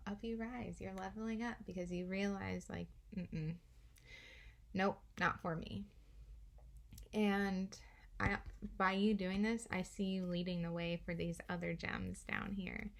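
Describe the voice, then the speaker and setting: A young woman giving a gentle, meandering spiritual card reading, laughing softly now and then. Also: mid-range voice. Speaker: oracle card reader.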